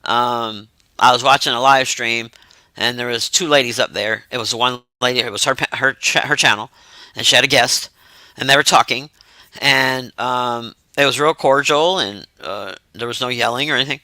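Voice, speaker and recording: A man casually chatting to his live-stream viewers in a profane, animated way, swinging into mock outrage. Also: medium pitch, moderate pace, dry recording.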